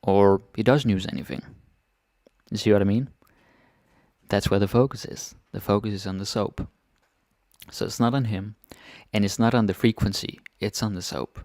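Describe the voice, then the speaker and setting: Low gravelly man teaching grammar. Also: moderate pace, dry recording, studio quality. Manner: relaxed, often checks in with "right?". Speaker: Danish language teacher. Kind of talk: casual grammar lesson.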